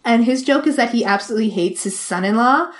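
A woman's voice: fairly high pitch, fast. A woman co-hosting a podcast, chatting casually and enthusiastically, with "like" in almost every phrase. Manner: enthusiastic, constant "like" fillers. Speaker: podcast co-host. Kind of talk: casual chat.

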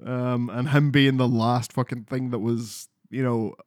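A man's voice: medium pitch, level tone, unhurried, darkish tone, no echo, studio quality. A man chatting casually about video games as a podcast co-host, rambling and swearing freely. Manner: sweary, rambling, restarts a lot.

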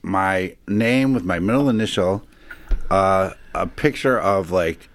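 A man from Buffalo, New York, tells a rambling, profane story in casual chat. His voice sits low, and he slips into the lines of the people in the story as he goes. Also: slow pace.

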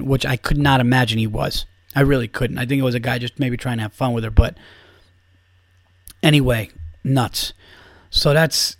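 A comedian who hosts a podcast tells a long, meandering story packed with swearing and filler words. He speaks at a medium pitch, with no echo in the recording.

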